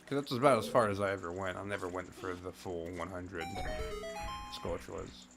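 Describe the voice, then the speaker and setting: A man's voice: deep voice, fairly even intonation, moderate pace, vocal fry. A man streaming a game, chatting casually and thinking aloud as he plays. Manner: rambling, thinking aloud with fillers. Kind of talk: casual commentary while playing a game. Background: game music.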